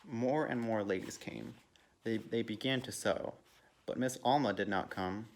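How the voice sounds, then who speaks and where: A man's voice: unhurried, slight background noise. A man volunteering to read a children's picture book aloud, lifting his voice for the characters' lines. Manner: lifts pitch and volume for character quotes. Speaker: volunteer reader.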